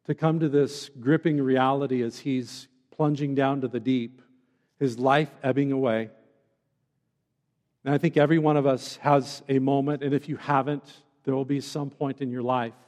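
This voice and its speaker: A man's voice: mid-range voice, dark tone. A man preaching a sermon in an earnest, conversational way, often checking in with his listeners. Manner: earnest, conversational, with tag questions. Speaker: pastor. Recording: long reverb in a large hall.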